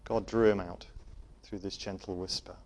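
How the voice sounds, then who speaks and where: A man preaching a sermon to a congregation, gentle in manner, often dropping to a soft voice for emphasis. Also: sits low, steady tone, moderate pace. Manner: gentle, varies loudness for emphasis, drops to soft tones.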